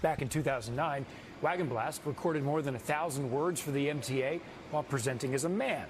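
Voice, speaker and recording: A man reading a TV news report in a measured, even delivery. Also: mid-range voice, noisy background.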